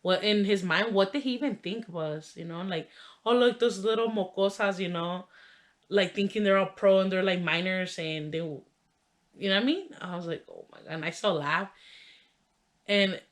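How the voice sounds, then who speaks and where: A woman's voice: on the low side, moderate pace. A young adult woman vlogger telling a funny childhood story in a casual, chatty way, full of "like" and "you know" fillers. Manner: laughs while telling the story.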